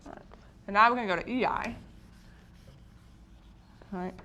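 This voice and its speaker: A woman's voice: lowish voice, measured pace, pauses often, bright, forceful tone, dull audio. A woman explaining spelling patterns to teachers in a patient lesson, often checking in with the listeners. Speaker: teacher educator.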